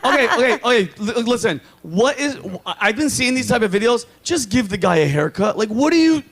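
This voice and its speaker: A man hosting a comedy show, bantering excitedly about viral clips with loud, playful exclamations. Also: very high voice, a little fast.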